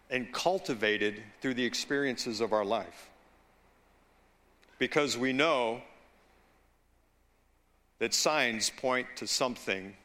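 A man preaching in a bright, clear-edged voice, taking his time over each phrase. He mixes personal stories into the sermon and checks in with the congregation as he goes. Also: mid-range voice. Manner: slow, deliberate preaching with asides and call-outs to the congregation. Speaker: pastor.

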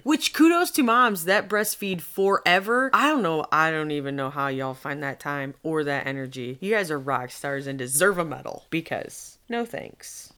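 Talkative thirties mom, animated storyteller, casual podcast chat. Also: female voice, fairly low pitch, normal speed, hardly any pauses. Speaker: podcast co-host.

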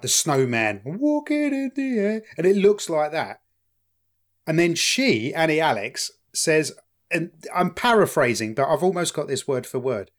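A man with an East London accent, co-hosting a podcast in casual chat, telling stories in an animated, jokey way with some swearing. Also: on the high side. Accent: London English. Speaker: podcast co-host.

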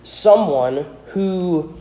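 Higher-voiced man reading a novel aloud. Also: lively intonation, extremely slow, warm tone, echoey room, low-quality recording. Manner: informal asides, with hesitations and repeats.

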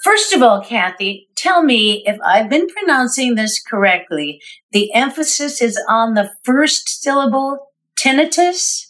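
A woman co-hosting a podcast, reading a smooth scripted introduction and chatting in a friendly way. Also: fairly high pitch, lively intonation, measured pace, fairly bright tone. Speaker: podcast co-host. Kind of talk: scripted introduction and casual chat.

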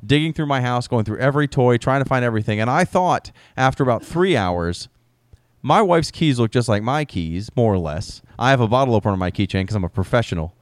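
A man in his thirties tells wry stories on a podcast, laughing often. His voice sits at a middle pitch. The recording is close and dry. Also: lively intonation, brisk, no room sound. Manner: wry, laughing anecdote-teller. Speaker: podcast co-host. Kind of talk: casual chat.

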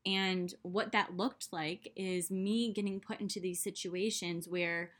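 A young woman talks straight to her listeners about personal growth in an easy, rambling way. Her speech is full of "like" and quick restarts. Her pitch sits in the ordinary middle range for a woman. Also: steady tone. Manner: chatty, many "like" fillers. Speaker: self-development podcaster. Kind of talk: casual monologue.

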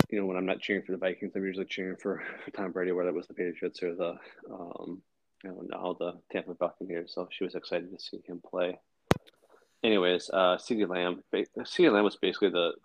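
A man's voice: low voice, creaky, no room sound, lo-fi sound. A man in his thirties co-hosting a fantasy football podcast, rambling in casual chat with lots of fillers and swearing.

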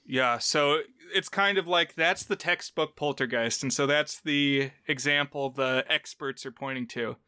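A man with a bright, crisp, smooth voice co-hosts a casual film-review podcast. He retells scenes animatedly and jumps up in pitch to quote characters. The sound is dry and close. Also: unhurried, hardly any pauses, no room sound. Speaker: podcast co-host.

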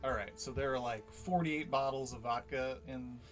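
A man playing a tabletop game, eagerly laying out a plan to the group and thinking out loud. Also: medium pitch, moderate pace, soft background music. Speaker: player. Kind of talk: casual tabletop game chat.

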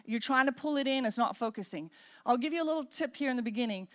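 Woman pastor with a high voice, animated preacher who acts out inner dialogue. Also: fast. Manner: demonstrates praying in tongues. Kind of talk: sermon.

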